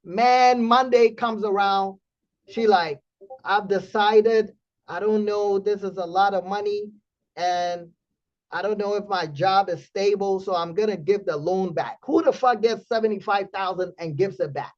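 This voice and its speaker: Blunt, animated man on a lo-fi stream. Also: high voice, measured pace. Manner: blunt, animated storytelling with profanity. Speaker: host of a trading community stream. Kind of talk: casual livestream talk.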